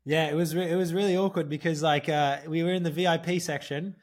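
A man co-hosting a casual podcast, telling animated stories, swearing freely and calling people "mate". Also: a little high, quick pace. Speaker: podcast co-host. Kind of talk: casual chat.

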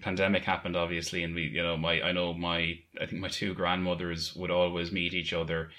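A young man with a very low, bright-edged voice, rattling off his words at a brisk clip. He chats casually and eagerly, often quoting favourite lines. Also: flat delivery. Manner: enthusiastic, quick, quotes lines with laughs. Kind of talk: casual chat.

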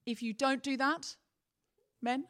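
A woman's voice: high voice, steady tone, slow pace, a loud crowd. A woman co-hosting a comedy podcast on a theatre stage, telling stories animatedly and acting out the people in them. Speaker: podcast co-host. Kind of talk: live comedy podcast chat before an audience.

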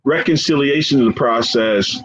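A man being interviewed as a guest, speaking earnestly and with deep emotion, often repeating phrases and calling his listener "man.". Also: moderate pace. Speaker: guest, professor and founder of a forgiveness organization. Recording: dull lo-fi sound with faint background noise.

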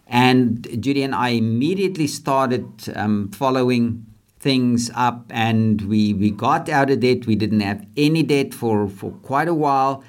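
A man's voice: medium pitch, measured pace. A man hosting a leadership podcast, talking earnestly and a bit repetitively about faith and purpose. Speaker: podcast host. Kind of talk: casual motivational faith talk.

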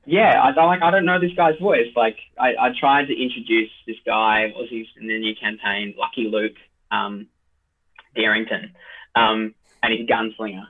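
A man's voice: fairly low pitch, fairly even intonation, moderate pace. Rambling tired man on a tinny line. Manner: rambling, lots of fillers and restarts. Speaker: dungeon master. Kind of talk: casual podcast chat.

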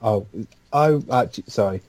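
Male co-host, mellow dark tone, relaxed, chatty football talk. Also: on the low side, normal speed, dry recording. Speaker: podcast co-host. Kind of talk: casual football chat.

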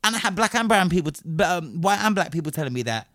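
A man's voice: sits high, expressive, quick pace, a bit bright, no echo, clean studio sound. A young adult man giving an impassioned personal rant, swearing a lot and speeding up in bursts.

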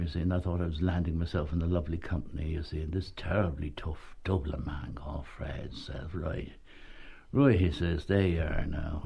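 A man's voice: low voice, breathy edge, lo-fi sound. An older man, a former actor, telling a funny anecdote about his early stage days, often adding "you see" and chuckling. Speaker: retired actor recalling touring days. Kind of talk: anecdotal storytelling.

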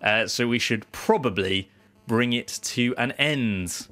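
A podcast co-host chats casually, his mid-range, slightly bright voice moving at a slow pace. He tells stories in a rambling way, often poking fun at himself.

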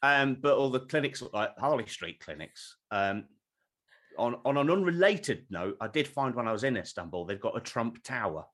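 A man tells a comic story on a podcast. He stumbles and repeats words, then lands dry punchlines. His pitch rises and falls a lot from a middle base. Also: very animated, moderate pace, fairly bright tone. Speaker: comedy podcast guest.

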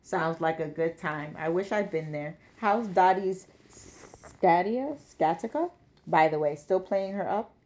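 A woman voicing a grown daughter, an academic, who chides her father in a brisk, fond way. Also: lowish voice, expressive, a little mellow. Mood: chiding. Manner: brisk, fondly chiding.

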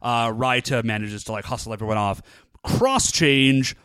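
A man co-hosting a podcast, recapping a TV episode in casual chat with animated, enthusiastic storytelling. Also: mid-range voice, normal speed, clear, resonant tone, dry recording. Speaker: podcast co-host.

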